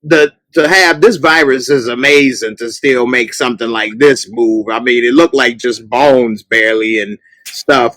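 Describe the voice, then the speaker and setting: A man hosting a casual podcast livestream, chatting loosely and breaking into loud, mocking outbursts. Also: medium pitch, fairly even intonation, measured pace, dry recording. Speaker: podcast host.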